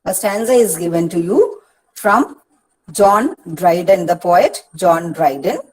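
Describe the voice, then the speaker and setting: A woman with an Indian English accent giving a patient lecture to students, often pausing with "uh" and "see" and repeating key points. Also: fairly low pitch, animated, darkish tone, poor audio. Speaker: English literature teacher. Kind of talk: online lecture on poetic meter.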